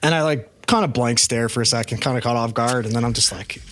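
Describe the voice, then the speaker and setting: A man co-hosting a podcast, telling a profane, animated story in casual chat. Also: medium pitch, fast talker, slight background noise. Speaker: podcast co-host.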